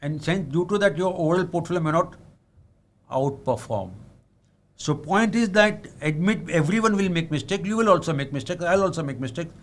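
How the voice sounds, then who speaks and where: A man with an Indian accent teaches investing to an audience, switching between English and Hindi. His voice sits a little high, and he leans hard on key words, then lets his sentences fall away low. He keeps checking in with "am I right?". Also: lively intonation, normal speed. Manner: earnest, asks "am I right?" often. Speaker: investment speaker. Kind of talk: seminar talk on investing.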